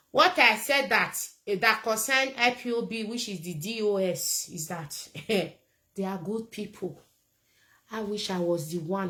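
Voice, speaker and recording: A woman's voice: medium pitch, fairly bright tone, poor audio. Blunt Nigerian woman ranting to camera. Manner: emphatic, blunt, repeats points. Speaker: political commentator. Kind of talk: casual political rant to camera.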